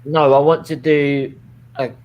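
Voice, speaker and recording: A man's voice: fairly high pitch, flat delivery, unhurried, highs cut off. A man chatting casually on a video call, blunt and trailing off. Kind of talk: casual chat.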